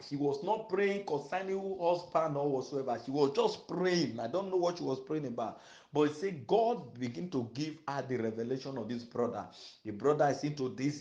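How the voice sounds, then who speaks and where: A man's voice: a little high, echoey room. Emphatic man preaching. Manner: emphatic preaching, repetitive, rising to loud peaks. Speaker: evangelist. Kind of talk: sermon-style counseling talk.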